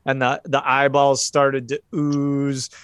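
A man's voice: mid-range voice, slow, clean tone, no room sound. A man running a tabletop horror game as its keeper, narrating loosely with fillers. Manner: relaxed, rambling narration with fillers. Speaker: game master.

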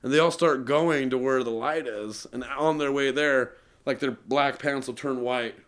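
A man's voice: mid-range voice, normal speed, a bit bright. A young man, a musician guest on a podcast, telling a long personal story in an earnest, rambling way with many fillers.

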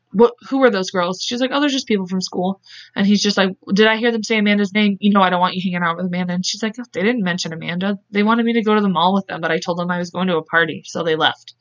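A woman's voice: mid-range voice, fairly bright tone, lo-fi sound. A woman co-hosting a podcast, telling a true-crime story in a casual, chatty way and acting out the people's lines. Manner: chatty, acts out quotes with voices, laughs often. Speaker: podcast co-host.

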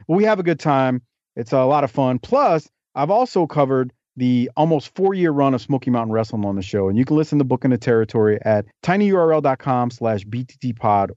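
A man's voice: medium pitch, a little mellow, dry recording. A man talking as a podcast guest, telling wrestling stories in a loose, chatty, joking way. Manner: talkative, storytelling, jokey asides. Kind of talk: casual interview chat. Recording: dull lo-fi dry podcast audio.

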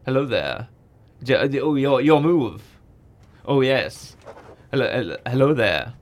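A man doing an impression of a calm older male space knight mentor, drawn-out, sensual and louder than his usual talk. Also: medium pitch. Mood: suave.

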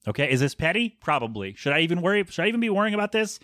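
Racing along in a high, sing-song voice with a fairly bright tone, a thirty-something podcast host rants solo, sarcastically ridiculing a bad review in mock-professional tones. The podcast microphone captures clean studio sound with no echo.

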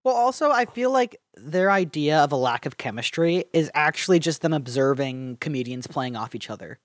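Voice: mid-range voice, animated, dry recording, studio quality. A podcast co-host in casual movie chat, crude and jokey, swearing freely. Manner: crude, jokey, quick to laugh.

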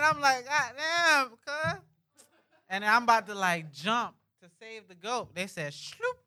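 A young man telling a comic story at an open mic, slangy and animated, constantly checking in with the crowd. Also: high voice, a little hiss or hum. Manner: slangy, animated, keeps asking "you feel me".

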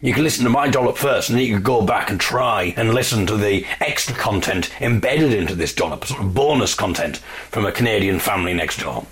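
A man with an English accent recording a spoken audio diary in a hotel room, storytelling wryly and deadpan with mock-dramatic emphasis. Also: lowish voice, fairly quick. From England. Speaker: folk musician and audio diarist. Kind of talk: casual spoken diary with dry humour.

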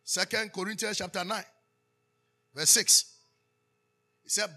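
A Ghanaian pastor preaches with a bright, husky voice, calling out questions for his listeners to finish. He switches between English and Twi as he goes. Faint music sits behind him. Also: high voice, unhurried, long pauses. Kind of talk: sermon.

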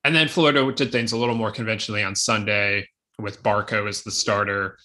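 A man co-hosting a podcast, talking casually with quick asides. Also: fairly low pitch, steady tone, sharp tone. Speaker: podcast co-host. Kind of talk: casual sports chat.

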